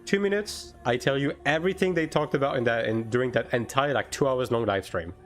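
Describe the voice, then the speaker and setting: A man's voice: mid-range voice, a bit bright. Chatty male game streamer, faint music. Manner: chatty, many fillers, quick bursts. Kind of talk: casual live-stream chat, answering chat.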